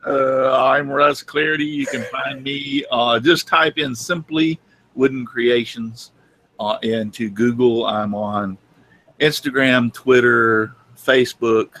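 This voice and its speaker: A man's voice: mid-range voice, fairly bright tone. A man guesting on a video call panel, giving dry, short replies. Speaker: guest co-host. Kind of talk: casual chat.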